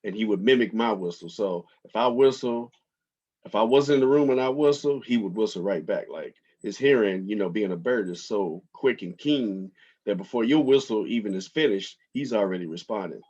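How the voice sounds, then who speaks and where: A man hosting his own podcast, telling relaxed stories from his home office with lots of fillers. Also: on the low side, normal speed, slightly rough, muffled recording. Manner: relaxed storytelling with frequent fillers. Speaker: podcast host. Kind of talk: casual monologue.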